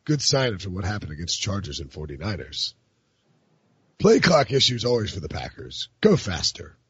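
Man imitating a deep gruff old actor, drawling, dull lo-fi sound. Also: wildly swooping pitch, moderate pace, no room sound, full character voice. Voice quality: low and gruff. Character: gruff low-voiced older male movie actor.

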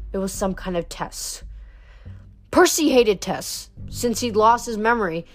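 A woman reading a novel aloud, with an even storytelling delivery. Her voice sits at a middle pitch, with faint music running beneath. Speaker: reader.

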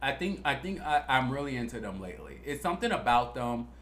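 A young man co-hosting a podcast, chatting casually and telling profane, animated stories. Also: mid-range voice, quick pace, reverberant. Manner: animated storytelling, profane and playful. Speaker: podcast co-host.

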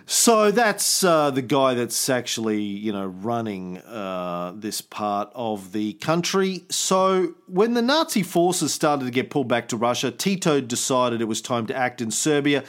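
Animated man telling history. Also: mid-range voice, a little slow, hardly any pauses. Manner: animated storytelling, swears, puts on voices for quotes. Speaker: podcast host. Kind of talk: casual history podcast chat.

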